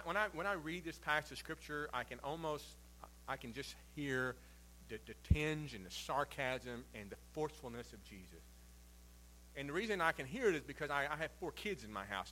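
A male pastor preaching a sermon, reading scripture aloud and then explaining it with swings between quiet and forceful emphasis. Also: medium pitch, expressive, moderate pace, pauses often, slight background noise, poor audio. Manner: reads scripture then preaches with shifting loud and soft emphasis.

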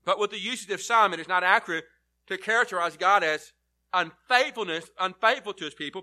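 A man's voice: high voice, sharp tone. A male preacher giving an earnest Bible-teaching sermon, leaning hard on key words.

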